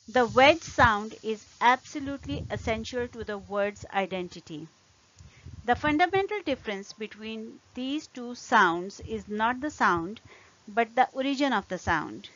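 A woman teaching an English pronunciation lesson, speaking deliberately and repeating example words carefully. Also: on the high side, fairly bright tone, dull audio.

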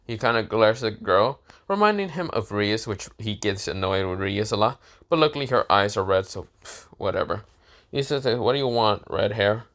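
A man's voice: fairly low pitch, expressive, moderate pace, fairly bright tone. A man casually narrating a fan story, rambling with many fillers and casual swearing.

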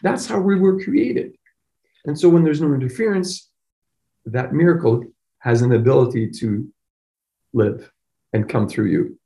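Gravelly, earnest storytelling man. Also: medium pitch, unhurried, pauses often, mellow. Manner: earnest storyteller, often trailing off and repeating words. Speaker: chiropractor guest. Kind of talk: emotional personal story.

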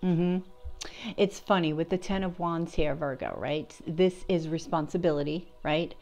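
A woman's voice: deep voice, unhurried, darkish tone, dull audio, faint music behind. A woman doing a casual tarot reading for her channel, chatty and encouraging, asking herself questions and answering them. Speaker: tarot reader.

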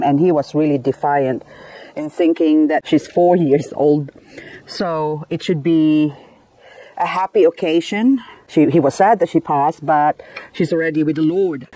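A woman's voice: deep voice, dark tone. Chatty woman laughing through her words. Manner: chatty, laughs often mid-sentence. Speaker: gardening vlogger. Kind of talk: casual chat to camera.

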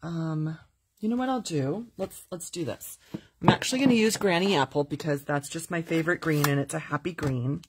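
A woman's voice: deep voice, moderate pace, a little hiss or hum. A middle-aged woman hosting a live card-making tutorial, chatty and upbeat, reading viewer comments aloud as she works. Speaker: crafting host.

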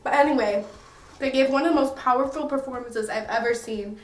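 A woman's voice: sits high, brisk, distant mic. A young American woman vlogging in a casual, rambling and self-mocking way. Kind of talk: casual chatty review. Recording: echoey room, a bit off-mic.

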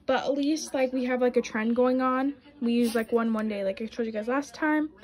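A woman's voice: a little high, fairly even intonation, normal speed, a little mellow, rough recording. A young woman vlogging casually, chatty and bubbly, with lots of "like" and "um". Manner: chatty and bubbly, heavy use of "like" and "um". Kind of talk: casual vlog chat.

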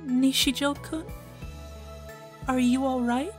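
Guy doing a sweet squeaky anime schoolgirl, eager, a bit breathless. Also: steady tone, takes it slowly, soft background music. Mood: concerned. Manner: bright high put-on girlish voice, breathless and sweet. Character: cheerful eager teenage schoolgirl. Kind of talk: reading a visual novel aloud.

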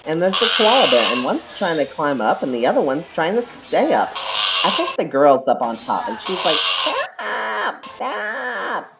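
A woman's voice: deep voice, sing-song, normal speed. A woman giving off-the-cuff commentary on animal footage, exclaiming in a squeamish, disgusted way. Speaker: video narrator. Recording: loud background noise.

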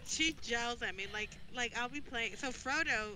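A woman's voice: fairly high pitch, normal speed, pushed and bright, slight background noise, low-quality recording. A woman streaming a ghost-hunting game, chatting casually, giggling often and greeting viewers. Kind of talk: casual gameplay chat.

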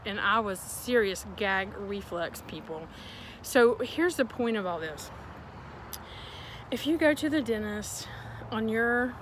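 A woman ranting casually to her viewers, animated and exasperated, in a folksy storytelling way. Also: fairly high pitch, slight background noise, low-quality recording. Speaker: vlogger. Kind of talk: casual rant to camera.

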